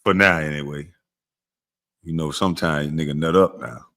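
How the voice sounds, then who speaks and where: A man hosting a casual livestream, roasting chat and trash-talking, his voice jumping high when he heckles and dropping low when he calms down. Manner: slow and low when calming down. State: smoking while talking. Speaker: livestream host.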